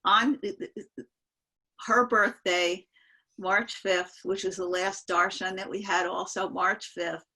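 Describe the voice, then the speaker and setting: An older woman sharing memories on a video call, speaking earnestly and haltingly with many fillers. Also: medium pitch, steady tone, bright, forceful tone. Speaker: panel guest sharing memories. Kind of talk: casual storytelling on an online call.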